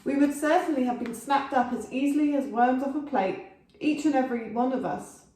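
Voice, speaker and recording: A woman's voice: high voice, fairly quick, warm tone, natural voice. A woman reading aloud as a strong male Viking warrior who mutters grimly. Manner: muttering, grim. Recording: echoey room, distant mic.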